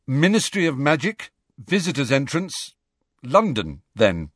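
Reading an audiobook, a man voices a determined but uncertain teenage boy wizard in a lifted, full character voice, pushed up on the high side with huge pitch swings and a fairly bright tone. He sounds grim and uncertain at a moderate pace, the mood is tense, and the clean studio sound has no room sound.

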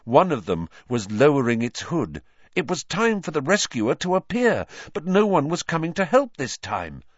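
Animated male storybook narrator. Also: on the high side, moderate pace, no room sound, dull audio. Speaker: audiobook narrator. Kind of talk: scripted narration of a fantasy novel.

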